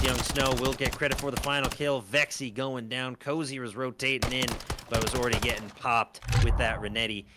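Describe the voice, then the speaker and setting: A Midwestern American man calling live esports play-by-play with energetic score calls, his voice a little sore. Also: mid-range voice, very noisy. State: voice sore from long commentating. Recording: gunfire and game sounds over the voice. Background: game gunfire.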